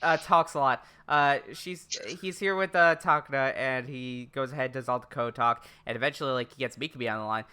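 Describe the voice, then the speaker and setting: Rambling man, bright clear voice. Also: medium pitch, a little fast, hardly any pauses. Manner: rambling recap with many fillers. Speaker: podcast co-host. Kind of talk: casual chat.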